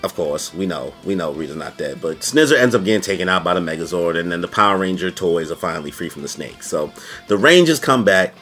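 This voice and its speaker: A man giving a casual video review, talking in an animated, slangy way. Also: quick pace, faint music behind. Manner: animated, slangy, jumps into high-pitched quoted voices. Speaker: YouTube reviewer.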